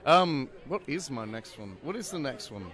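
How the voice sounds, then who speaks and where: A man's voice: medium pitch, very animated, normal speed, a bit bright. A man, a professional cosplayer, answering interview questions in a playful, joking way. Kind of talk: casual interview.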